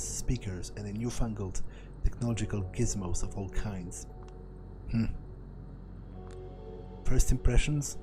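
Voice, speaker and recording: A man with a fairly low voice reads a visual novel out loud, taking every part himself. He trips over a word now and then and starts the line again. Game music plays clearly beneath his voice. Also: low-quality recording. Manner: reads every part in his own voice, with small slips and restarts. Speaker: let's play narrator. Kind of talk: reading a visual novel aloud.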